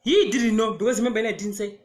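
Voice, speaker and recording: A woman with a Zimbabwean accent tells a personal story in a casual, animated way and acts out the quotes. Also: fairly high pitch, quick pace, reverberant. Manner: animated, switches between English and Shona, acts out quotes. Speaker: storyteller vlogger.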